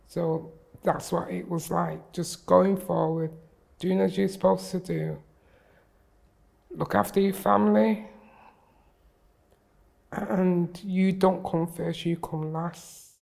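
A woman talks about her experience in a quiet, reflective way. Her delivery is slow and flat, and her voice is heavily creaky. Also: on the low side. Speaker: interviewee. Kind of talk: personal testimony.

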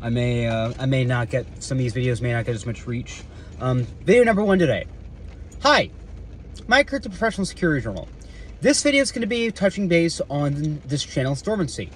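A man's voice: mid-range voice, expressive, fairly quick, a bit bright, a little hiss or hum. A man filming a casual vlog from around his car, rambling with lots of fillers, restarts and casual swearing. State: eating while talking. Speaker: security guard vlogger.

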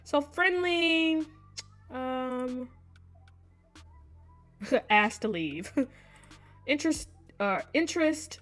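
A woman hosting a gaming video, chatting casually to viewers and reading game text aloud in an expressive way. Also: high-pitched, extremely slow, pauses often, faint music behind. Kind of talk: casual let's-play commentary to viewers.

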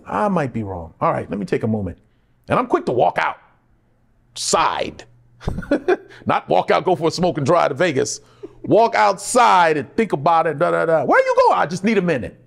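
Gravelly and a little high, the voice belongs to a middle-aged actor speaking at a moderate pace in a candid interview. Animated throughout, he tells conversational stories, mimics the people he quotes, and often breaks into laughter.

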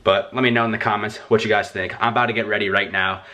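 Rambling, excitable young man vlogging. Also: fairly low pitch, fast talker. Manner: rambling, excitable, swears casually. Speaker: YouTuber. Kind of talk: casual vlog chat to camera. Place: indoors at home, bedroom.

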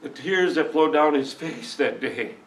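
A man's voice: fairly high pitch, unhurried, fairly bright tone. Middle-aged pastor guy preaching, emotional and folksy, sounds a bit far from the mic. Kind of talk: sermon. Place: church sanctuary.

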